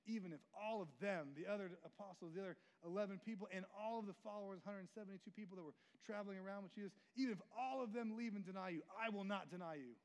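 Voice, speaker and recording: A boisterous fisherman, played by a preacher, loud and impulsive in how he talks. The voice sits a little high. It carries the long echo of a big hall. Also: fairly quick, lightly acted. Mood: boastful. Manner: blustering, impulsive. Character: boisterous loud fisherman, eager then ashamed. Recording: long reverb of a large hall.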